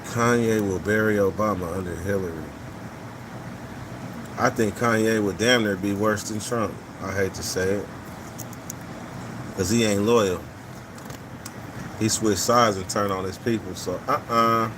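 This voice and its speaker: A man's voice: fairly low pitch, fairly even intonation, a little slow, long pauses, noisy background. A man hosting a casual live talk stream, reading viewer comments and giving blunt, profane opinions, often repeating his points.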